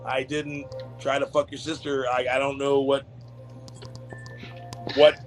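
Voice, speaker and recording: A man's voice: medium pitch, flat delivery, a little slow, faint music behind. A man co-hosting a live stream who talks bluntly and swears freely in casual chat.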